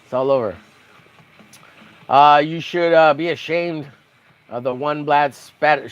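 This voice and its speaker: A man's voice: fairly high pitch, slow pace, long pauses, smooth, dry recording, highs cut off. A young man chatting on a casual painting livestream, rambling and joking crudely while reading the chat aloud.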